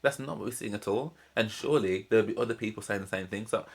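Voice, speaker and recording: A man hosting a reaction channel, commenting emphatically in rapid-fire casual talk. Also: lowish voice, creaky, husky.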